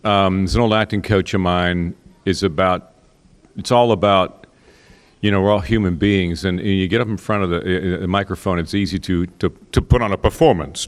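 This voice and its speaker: A man on a convention panel, a voice actor speaking reflectively and slipping into quick character voices. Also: deep voice. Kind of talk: relaxed panel talk.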